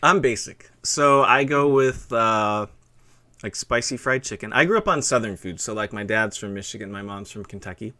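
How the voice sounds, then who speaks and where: A man's voice: on the low side, moderate pace, sharp tone. A man hosting a live stream, chatting in a rambling, casual way and reading chat aloud. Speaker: streamer host.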